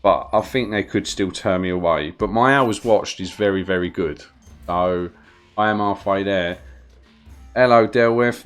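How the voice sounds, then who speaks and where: A man with a London accent chats his way through a live gaming stream, rambling between gameplay and greetings to his viewers. His voice sits fairly low. Faint music plays underneath. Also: unhurried, clear, resonant tone. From London, England. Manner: chatty, rambling, greets chat viewers while playing.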